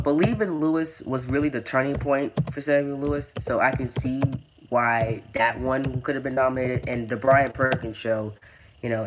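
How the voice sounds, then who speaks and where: A young man with a medium-pitched voice hosts a casual gaming video, offering loose game commentary. He stammers, repeats words, and calls people dude and man. The background is noisy.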